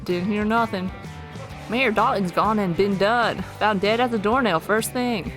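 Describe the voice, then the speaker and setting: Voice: medium pitch, fairly even intonation, measured pace, music in the background, close to an everyday voice. A streamer voicing a kindly male frontier barkeep in a put-on Southern drawl. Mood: gossipy. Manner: folksy drawl.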